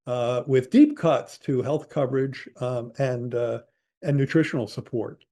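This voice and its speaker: Mellow-voiced man giving a measured explanation. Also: mid-range voice. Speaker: economist guest. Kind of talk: interview answer.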